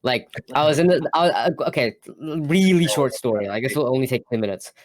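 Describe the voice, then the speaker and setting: A man co-hosting a podcast, telling a quick self-mocking story in casual chat and laughing as he goes. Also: mid-range voice, animated. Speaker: podcast co-host.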